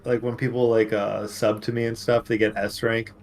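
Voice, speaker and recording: A man's voice: lowish voice, little pitch movement, moderate pace. Slangy, swearing man telling stories. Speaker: game player. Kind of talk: casual chat.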